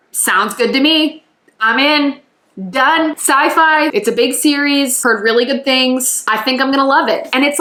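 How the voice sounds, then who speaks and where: A woman's voice: on the high side, a bit bright, reverberant. A woman book vlogger chatting casually about new books, gushing and enthusiastic. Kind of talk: casual book haul vlog.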